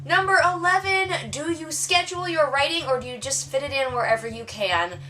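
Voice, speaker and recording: A woman's voice: high voice, moderate pace, sharp tone, distant mic, soft background music. A woman author chatting casually through tag questions on her vlog, playful and self-mocking. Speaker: author vlogger.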